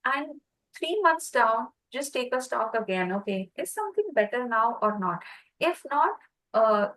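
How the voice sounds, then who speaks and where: A woman teaching a Reiki class, telling personal stories in a lively way and acting out the voices of the people in them. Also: on the high side, measured pace, low-quality recording. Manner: lively storyteller, acts out quoted voices.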